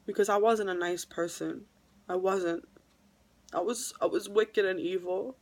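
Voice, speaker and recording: A New York woman, a vlogger, gives an earnest religious testimony, speaking emotionally and repeating phrases for weight. Her medium-pitched voice keeps a fairly even intonation at a moderate pace.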